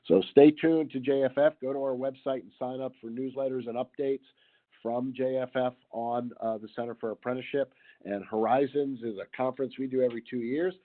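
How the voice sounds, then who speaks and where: A man's voice: mid-range voice, fairly even intonation, a little fast, no room sound. A man moderating a webinar, talking conversationally while losing his voice. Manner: conversational, thanks guests warmly. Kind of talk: webinar discussion. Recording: tinny phone-line audio, dry.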